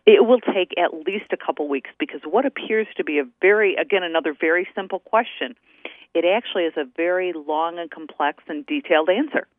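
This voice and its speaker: A woman's voice: on the low side, a little fast, dry recording. Chatty woman on a tinny phone line. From New Hampshire. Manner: chatty storyteller, acts out quoted dialogue. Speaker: attorney guest. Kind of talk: radio call-in interview.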